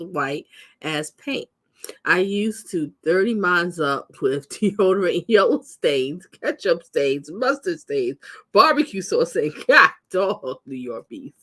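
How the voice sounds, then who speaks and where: A woman hosting a live stream in a loose, chatty way, reacting to clips and reading out viewer comments with a laugh. Her pitch swings up and down with plenty of animation. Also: fairly bright tone. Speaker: host reacting to viral clips.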